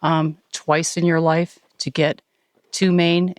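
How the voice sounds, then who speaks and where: Calm, encouraging woman hiker. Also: low voice, slow pace, dry recording, studio quality. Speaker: hiking companion. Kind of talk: casual trail vlog. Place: outdoors on a mountain summit.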